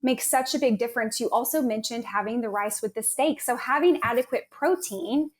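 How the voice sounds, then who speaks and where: A woman's voice: on the high side, a little fast. Informative woman explaining health. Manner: informative, steady, explains health points clearly. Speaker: naturopath guest. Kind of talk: explanatory interview talk.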